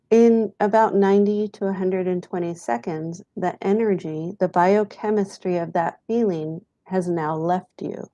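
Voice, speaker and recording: A woman guest on a talk show, calmly and gently explaining how to handle feelings. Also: lowish voice, dry recording, dull audio. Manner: calm, gentle, instructive. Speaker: guest, author on emotional resilience. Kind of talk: podcast interview talk.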